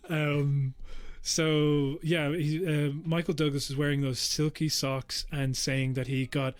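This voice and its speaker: A man's voice: fairly high pitch, flat delivery, takes it slowly, clean tone. Giggly Irish man trading puns. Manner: giggly, punning, trails off with ums. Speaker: podcast co-host. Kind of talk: casual comedic chat.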